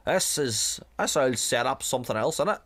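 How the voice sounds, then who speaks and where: A man putting on the voice of a gruff male shop regular with a Northern Irish accent, grumbling in terse small talk. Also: mid-range voice, lively intonation, normal speed, fairly bright tone.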